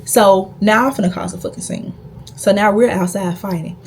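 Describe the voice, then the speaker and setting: A woman's voice: mid-range voice, steady tone, moderate pace, a little mellow, a little hiss or hum. A young woman vlogger telling a personal story in a blunt, profane, emphatic way. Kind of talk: casual storytime.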